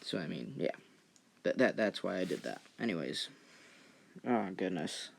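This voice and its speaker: A man's voice: low-pitched, animated, normal speed, creaky. A young man recording casual voice-over asides to his own video, sheepish and hesitant, poking fun at his own mistakes. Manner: sheepish, self-deprecating, hesitant with fillers. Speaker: channel host adding edit commentary.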